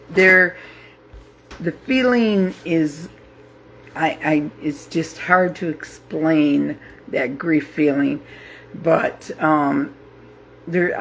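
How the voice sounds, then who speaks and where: Slow, halting woman in her fifties. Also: low voice, a bit bright, slight background noise. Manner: slow, halting, with many pauses and fillers; heartfelt, openly emotional. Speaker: grief support group host. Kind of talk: live casual talk to viewers.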